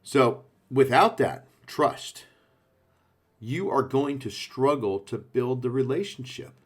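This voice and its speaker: Guy giving a sales training talk, medium pitch, punchy, keeps asking okay?. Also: expressive, slow pace, breathy edge. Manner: punchy, coaching, frequent "okay?" check-ins.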